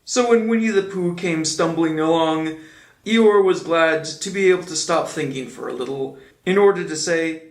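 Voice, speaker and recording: A man narrates a children's story in a gentle, measured way. His voice sits a bit high for a man. The room around him sounds roomy and echoey. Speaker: audiobook reader. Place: indoor room, on camera. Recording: roomy echo.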